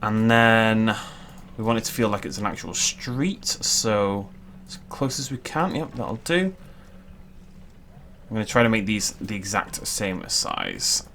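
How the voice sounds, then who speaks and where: A man's voice: lowish voice, lively intonation, unhurried, fairly bright tone, a little hiss or hum. A young man giving casual, jokey let's-play commentary as he builds in a game. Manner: chatty, self-deprecating, jokey asides. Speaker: gaming YouTuber.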